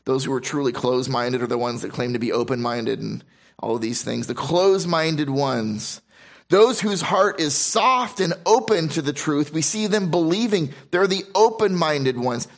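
A man's voice: fairly high pitch, moderate pace, gravelly. Man preaching a scripture sermon. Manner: reads scripture aloud then explains it, with restarts and emphatic repetition. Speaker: pastor.

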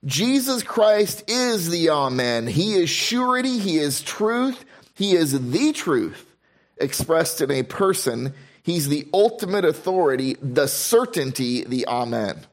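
A male pastor preaches a sermon on the Bible, slowing down to emphasize key phrases and slipping in casual, funny asides. His voice is a little high and sing-song.

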